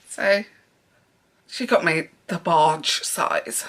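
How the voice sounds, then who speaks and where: A young woman talks through her sewing haul in an easy, meandering way, scattering ums as she goes. Her voice is bright and clear, and she takes her time, speaking at an unhurried pace. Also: mid-range voice, fairly even intonation. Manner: chatty and rambling with frequent ums. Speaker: sewing vlogger. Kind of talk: casual haul vlog chat.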